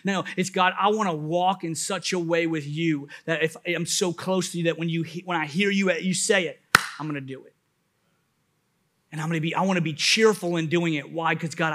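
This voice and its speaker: A man preaching a sermon as a pastor, telling a personal story in an animated way that swings from hushed to loud. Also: fairly high pitch.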